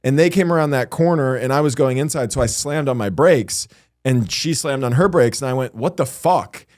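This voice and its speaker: A man's voice: mid-range voice, fairly quick, dry recording, clean studio sound. A man hosting a casual comedy podcast, telling stories with lots of swearing and acted-out quotes. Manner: animated storytelling, swearing, acting out quotes. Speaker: podcast host.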